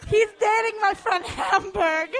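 A woman doing a deadpan high-voiced supermodel host. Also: a little slow. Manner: deadpan, terse, matter-of-fact. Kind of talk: comedy sketch interview.

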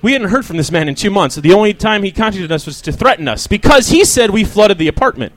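A man's voice: sits high, very animated, quick pace, fairly bright tone. A young man doing a rambling, self-deprecating stand-up set, swearing and riffing with the crowd while feeling sick. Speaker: stand-up comedian.

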